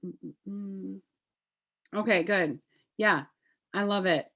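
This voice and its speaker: A woman's voice: mid-range voice, drawn-out words, vocal fry, a bit bright. A woman presenting a live online class, talking enthusiastically and casually with many fillers, heard through a computer mic. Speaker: essential oils presenter.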